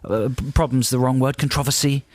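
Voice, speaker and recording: A man co-hosting a radio show, rambling through wry, deadpan jokes. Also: mid-range voice, brisk, no echo. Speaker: radio co-host. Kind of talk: comic radio banter. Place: radio studio. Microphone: studio microphone.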